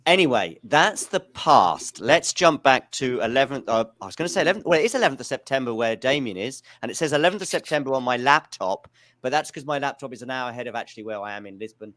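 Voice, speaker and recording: A man's voice: mid-range voice, lively intonation, fast, fairly bright tone. A man hosting a live tennis watchalong, chatting casually and rambling into jokey anecdotes. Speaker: podcast host. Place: home in Lisbon.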